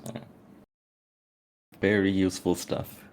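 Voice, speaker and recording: Lowish voiced guy playing a tabletop game, trips over words a lot. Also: monotone. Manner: halting, hesitant. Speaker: player.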